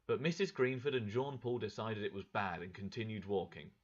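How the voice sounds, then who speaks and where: A man narrating a story for English learners with a clear, expressive reading. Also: fairly low pitch, a little fast, dull audio.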